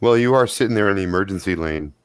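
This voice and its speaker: Smooth-voiced man running the game. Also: low-pitched, expressive, quick pace, no echo. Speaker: game master. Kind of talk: narrating a tabletop game.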